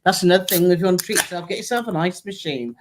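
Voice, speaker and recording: A woman from Britain co-hosting a casual travel live stream, chatty and quick to laugh as she reads out viewer comments. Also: on the low side, slight background noise.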